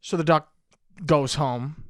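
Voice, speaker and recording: A young man co-hosting a podcast, telling a joke in casual chat, laughing often and jumping into high voices for his characters. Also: fairly even intonation, slow pace, a bit bright, dry recording, studio quality. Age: young adult. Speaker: podcast co-host. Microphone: close podcast mic.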